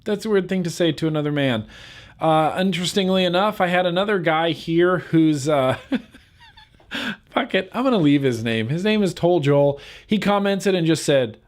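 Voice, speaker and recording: A man's voice: fairly high pitch, animated, normal speed. A young man hosting his own vlog in a casual, laid-back way, swearing offhandedly and laughing at viewer comments. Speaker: vlog host.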